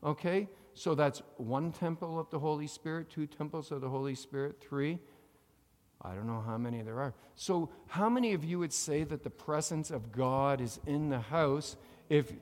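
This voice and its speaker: In a church sanctuary, a pastor preaches to his congregation in a large hall, calling for amens and having them repeat lines after him. His slightly high voice moves at a moderate pace, shifting between loud, emphatic phrases and quiet asides.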